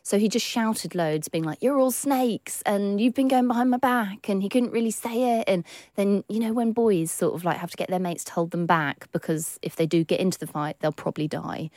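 Brief: young woman, gossipy co-host, animated storyteller, dry mic. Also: on the low side, brisk, hardly any pauses, no room sound. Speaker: news director, podcast co-host. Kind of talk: casual chat.

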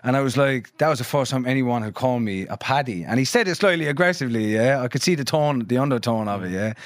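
On a dry recording, this podcast guest, a young musician from London and New Ross, Ireland, talks quickly and animatedly in a mid-range voice. His loose chat is full of swearing and "like" and "you know."

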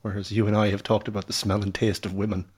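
A man's voice: lowish voice, level tone, fast, very noisy. A man co-hosting a casual comedy podcast, rambling with plenty of fillers into a studio mic. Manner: rambling, hesitant, lots of fillers. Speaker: podcast co-host. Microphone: studio mic with headphones.

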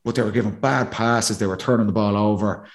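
A man's voice: lowish voice, a little fast. A man, a former player, analysing a match in casual podcast talk and acting out what players think. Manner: animated, acts out players' thinking.

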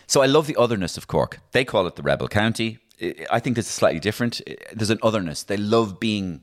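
Middle-aged Irish male impressionist, low voice, animated and chatty interview guest. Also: quick pace, few pauses. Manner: animated, storytelling, many restarts. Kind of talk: casual interview chat.

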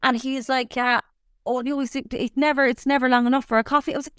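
A young woman with an Irish accent tells a story in a lively, casual way, swearing as she goes. Her voice is smooth and clear and sits a little high. The sound is dry and close. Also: fast talker, no room sound. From Ireland. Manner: animated storytelling, swears freely. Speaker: podcast co-host. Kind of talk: casual chat.

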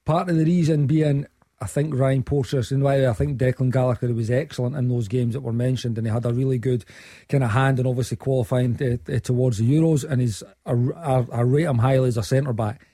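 A man's voice: medium pitch, fairly even intonation, a little fast, mellow, no echo, clean studio sound. A man, a former player, giving football opinions in a hesitant way, often restarting his sentences. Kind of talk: studio sports discussion.

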